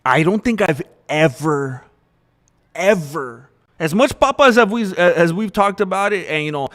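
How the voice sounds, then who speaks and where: A man's voice: fairly high pitch, animated, unhurried, a bit bright. A young man hosting a livestream, talking candidly and rambling in casual chat with viewers. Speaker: livestream host.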